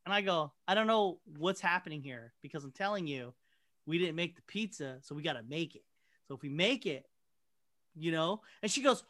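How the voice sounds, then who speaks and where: A man in casual conversation, telling stories from his job with a lot of energy. His pitch swoops up and down as he acts out what he and his customers said. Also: normal speed. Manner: animated storyteller acting out quoted exchanges. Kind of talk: casual chat, storytelling.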